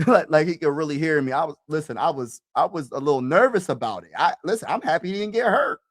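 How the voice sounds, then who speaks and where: A young man streaming a casual, slangy sports chat, talking to his viewers and now and then shouting and laughing. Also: a little high, quick pace, no echo, clean studio sound. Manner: animated, slangy, says bro a lot, shouts and laughs.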